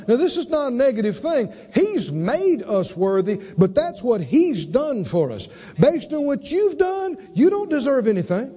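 A male preacher delivering an emphatic sermon, calling out to the congregation and swinging between soft and loud. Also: very animated, measured pace, breathy edge. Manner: emphatic, call-and-response, dramatic swings in pitch and volume. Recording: dull recording with long hall reverb.

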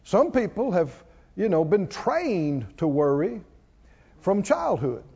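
A man preaching a sermon, calling on the congregation to answer back and building up to shouts. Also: high voice, sing-song, slow, creaky, breathy edge. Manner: call-and-response, coaxing the congregation, rising to shouts. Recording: dull sound with long hall reverb.

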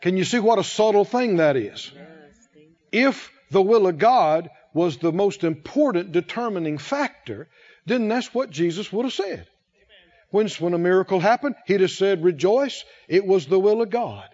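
High-voiced preacher man, dull recording. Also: expressive, moderate pace, darkish tone. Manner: preaching, quoting scripture and asking the congregation to respond. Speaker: pastor. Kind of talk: sermon. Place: church.

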